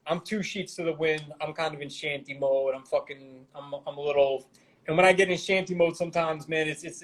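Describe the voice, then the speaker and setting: A man's voice: fairly high pitch, rough recording. Rambling, foul-mouthed New rapper guy. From Brooklyn, New York. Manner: rambling, heavy swearing, laid-back street slang. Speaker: guest rapper. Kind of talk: casual interview storytelling.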